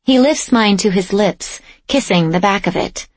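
A woman giving steady, measured first-person audiobook narration, close to the mic. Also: mid-range voice, no room sound.

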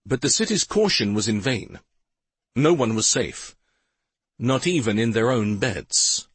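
A man narrating an audiobook in an expressive, dramatic storytelling manner, close to the microphone. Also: mid-range voice, a little slow, breathy edge, no echo. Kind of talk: scripted narration. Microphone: close studio mic.

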